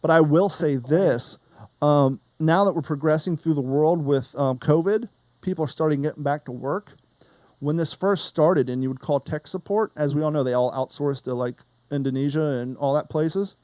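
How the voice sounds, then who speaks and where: A man's voice: on the high side, normal speed, darkish tone, no echo. A man hosting a podcast in casual chat, rambling and wandering off topic. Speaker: podcast host.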